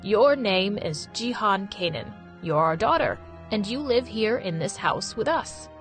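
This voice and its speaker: A woman voicing a rich older man posing as a father, speaking slowly and gently to coax. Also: mid-range voice, expressive, soft background music, close to an everyday voice.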